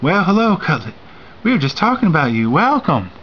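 A man's voice: a little high, big pitch swings, fairly quick, voice pushed up. A man voicing a fussy male animal host in a children's storybook, speaking with strained, forced politeness. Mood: forced polite. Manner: forced politeness, stiff and nervous. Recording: dull home recording with faint hiss.

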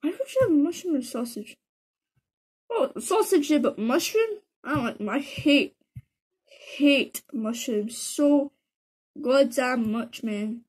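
A woman's voice: high voice, animated, slow, a little mellow. A woman giving casual, chatty commentary as she plays a game, joking about herself and tossing in slang like "bro" and "man". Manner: chatty, self-mocking, talks to herself while playing. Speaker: gaming video creator.

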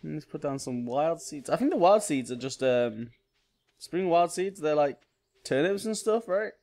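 A man's voice: on the high side, animated, measured pace, a little mellow. Chatty man narrating his gameplay. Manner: chatty, thinks aloud, with small exclamations. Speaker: gaming channel host. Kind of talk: casual let's play commentary.

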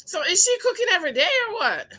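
Sassy woman with a bright, lively voice. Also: very high voice, fast. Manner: sassy, talks back to the screen. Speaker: reality TV reviewer. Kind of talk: casual reaction commentary.

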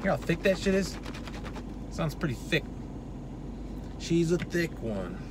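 A man's voice: fairly high pitch, big pitch swings, slow, noisy background. A man giving a casual, profane product review in a brash, loose way. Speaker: supplement reviewer.

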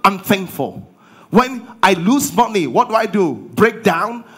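A man's voice: high-pitched, expressive, a little slow, fairly bright tone, breathy edge. A man preaching a sermon as pastor. He drives his points home with rhetorical questions and call-and-response.

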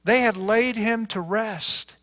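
A man preaching a sermon as pastor, reading scripture dramatically with big swings from loud to hushed. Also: high-pitched, slow pace, long reverb tail. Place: church sanctuary.

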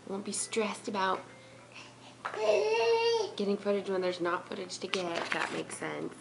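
A woman's voice: on the low side, fairly even intonation, normal speed, creaky, noisy background. A young woman vlogging at home, playing with her toddler in sing-song baby talk and chatting to viewers. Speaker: vlogger and mother. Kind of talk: casual home vlog.

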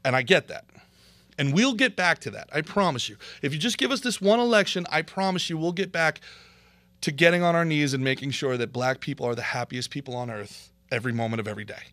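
A man hosting his own podcast rants in a bright, forceful voice that sits a bit high for a man, with no room echo at all. He rambles, restarts his sentences and piles on sarcasm. He lurches from loud outbursts down to near-whispers. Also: quick pace. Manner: sarcastic, swings from loud to muttered. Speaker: podcast host. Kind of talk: ranting political commentary.

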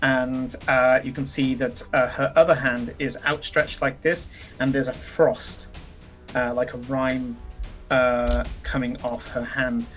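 A man's voice: medium pitch, level tone, takes it slowly, fairly bright tone, faint music behind. A man as game master, narrating a tabletop game in a rambling way full of ums and uhs, swearing casually.

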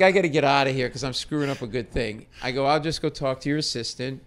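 A middle-aged comedian telling a story in chat, animated and acting out quotes loudly. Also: male voice, fairly high pitch, quick pace, few pauses, smooth. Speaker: comedian guest.

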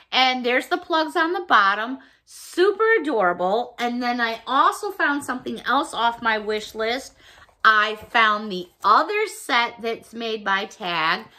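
An excitable woman from the United States chatting casually through a shopping haul, gushing and squealing over her finds. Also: high voice. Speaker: vlogger showing a shopping haul. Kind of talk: casual haul video talk.

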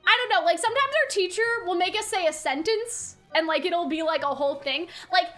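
A young woman reacting to a game as she plays, excitable and giggly, gushing and swearing casually. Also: very high-pitched, brisk, faint music behind. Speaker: let's play streamer.

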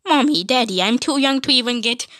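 A frightened little doll child voiced by a woman whines and begs its mommy and daddy for answers. The voice sits a touch high and stays close to an everyday speaking voice. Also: animated, fairly quick, fairly bright tone, no room sound. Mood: scared pleading.

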